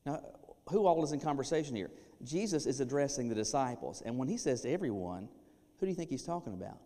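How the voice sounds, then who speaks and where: A pastor delivering a sermon, animated, breaking into playful acted asides. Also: male voice, mid-range voice, fast. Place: church sanctuary. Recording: long reverb of a church hall.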